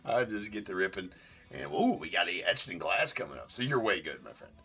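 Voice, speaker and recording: Low-voiced guy ripping cards on a live stream, super lively, jokey and cussy, bit of music behind. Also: brisk, husky. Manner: casual, joking, swears offhand. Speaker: card break host. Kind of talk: live-stream card break commentary.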